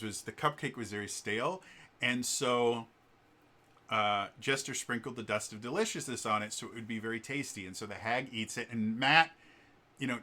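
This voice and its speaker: A man vlogging, retelling a game scene casually in an animated, rambling way with many fillers. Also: medium pitch. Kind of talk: casual storytelling vlog.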